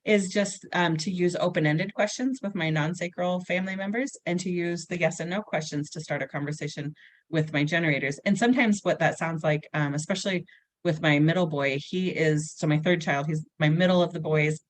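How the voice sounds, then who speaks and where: A woman's voice: lowish voice, a little fast. A woman in her thirties, a family coach chatting casually and acting out her children's lines as she tells stories. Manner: animated storyteller, acts out her kids' lines. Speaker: guest, family dynamic coach. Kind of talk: casual chat.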